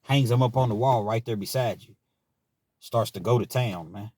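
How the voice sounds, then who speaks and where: A Kentucky man from Richmond, US, relaxes into a candid monologue about his time behind bars, regularly finishing sentences with "man." He talks at a normal speed in a mid-range, darkish voice, on a dry recording.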